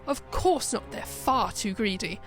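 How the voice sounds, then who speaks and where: A woman's voice: fairly high pitch, lively intonation, unhurried, a bit bright, faint music behind. A woman playing a sneering alien schemer. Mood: scheming. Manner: sneering, boastful, cackling. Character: scheming male alien sandwich tycoon, boastful and sneering.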